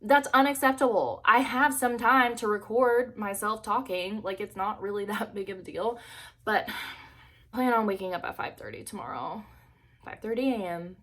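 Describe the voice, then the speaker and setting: A woman's voice: mid-range voice, normal speed, fairly bright tone. A young woman vlogging from her bedroom, rambling candidly to the camera with lots of "like" and casual swearing. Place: bedroom at home.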